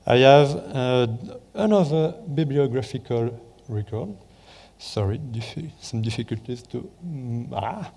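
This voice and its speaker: A man with a French accent giving a conference presentation and a live software demo, speaking hesitantly with many fillers and restarts. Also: mid-range voice, expressive, a little slow, gravelly, in a large hall.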